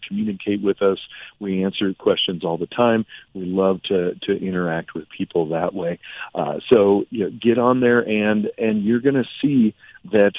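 A man, a functional medicine doctor, telling lively patient stories with lots of fillers as a radio show guest. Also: on the low side, no room sound. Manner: animated storytelling with fillers. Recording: tinny phone-like radio audio.

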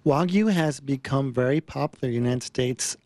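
A man's voice: medium pitch, fairly quick, darkish tone, dry recording. Chatty male radio guest, dry studio. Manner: explanatory, conversational. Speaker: guest meat seller. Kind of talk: radio interview.

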